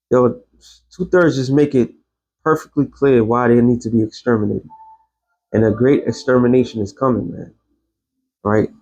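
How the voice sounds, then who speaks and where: A man's voice: on the high side, a little mellow, lo-fi sound. A man giving a casual, rambling religious commentary as an online host, blunt and quoting scripture.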